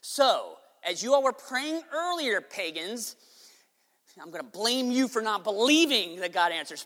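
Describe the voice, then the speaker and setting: Preacher in his forties, high and very bright voice, long hall reverb, animated and joking. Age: 40s. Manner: animated, conversational, jokey. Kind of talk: sermon.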